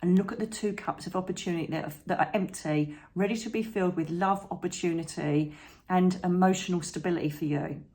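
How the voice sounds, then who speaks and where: A woman's voice: lowish voice, a little fast, darkish tone. A woman doing a chatty tarot reading to camera, encouraging and fond of tag questions like "okay?". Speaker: psychic tarot reader.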